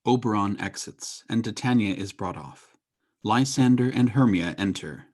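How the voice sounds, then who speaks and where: A narrator calmly reading stage directions in a community theatre reading. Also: medium pitch, normal speed. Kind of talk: plain read stage directions.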